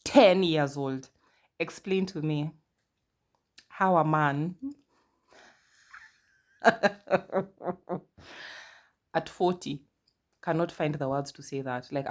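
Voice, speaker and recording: A woman from Kenya with a Kenyan accent, in her thirties, hosting a casual podcast and telling stories with lively asides. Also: deep voice, drawn-out words, pauses often. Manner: chatty, animated storytelling with asides and quoted dialogue. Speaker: podcast host. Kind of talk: casual personal monologue.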